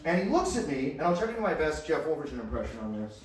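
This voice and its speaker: Big pitch swings and a quick pace mark this man's rather high voice as he works through a self-deprecating, playful comedy set, laughing at his own jokes. He's recorded far from the mic in a reverberant large hall, the live audience clearly present.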